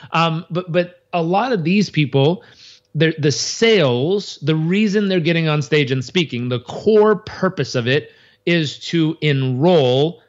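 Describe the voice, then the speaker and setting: Lively man explaining, dull lo-fi sound. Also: on the high side. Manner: animated, uses acted-out crowd reactions and frequent restarts. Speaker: interview guest. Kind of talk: casual interview talk.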